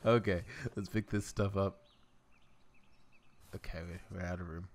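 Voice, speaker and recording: A man's voice: low voice, steady tone, a little slow. A young man giving casual let's play commentary, rambling and muttering to himself as he works through a game's crafting menu. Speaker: gameplay commentator.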